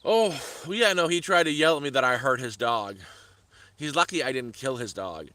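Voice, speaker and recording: Angry man ranting outdoors, bright voice. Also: mid-range voice, expressive, normal speed, no echo. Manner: heated, repetitive storytelling with sudden outbursts. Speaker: vlogger. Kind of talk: angry live-stream rant. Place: outdoors in the woods.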